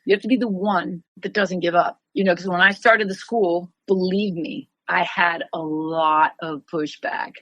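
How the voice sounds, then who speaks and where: A woman's voice: on the low side, normal speed, hardly any pauses, no echo, highs cut off. A woman in her sixties, a martial arts master, telling stories as a guest in an interview and acting out other people's lines. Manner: lively, acts out other people's lines in quoted voices. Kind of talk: storytelling in a conversational interview.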